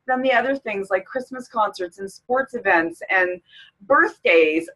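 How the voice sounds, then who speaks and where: A woman's voice: medium pitch, normal speed, fairly bright tone, low-quality recording. A middle-aged woman from Canada, a fitness coach, talking openly to camera in a personal vlog, emotional and close to tears. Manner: emotional, tearful, candid.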